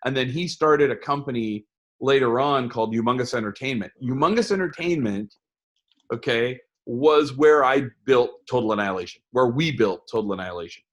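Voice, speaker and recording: A middle-aged man, a game designer being interviewed, telling stories in an animated way and often restarting his words. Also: mid-range voice, brisk, muffled recording. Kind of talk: storytelling interview talk.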